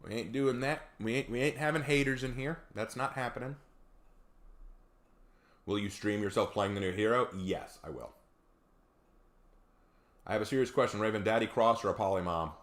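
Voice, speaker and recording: A man's voice: fairly low pitch, a bit bright. A man chatting casually on a live stream, reading viewer comments aloud and telling laid-back stories.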